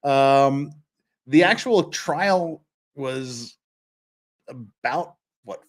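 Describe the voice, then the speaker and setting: Animated, laughing man hosting a stream. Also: mid-range voice, very slow. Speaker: livestream host. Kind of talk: casual livestream chat.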